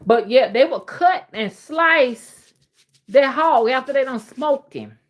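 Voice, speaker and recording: A woman with a Southern accent hosts a casual livestream, talking to her viewers in a folksy, old-fashioned way. Her pitch swoops up and down a lot as she talks. She chuckles often and reads out comments as she goes. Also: expressive, slow, highs cut off. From Alabama. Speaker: livestream host.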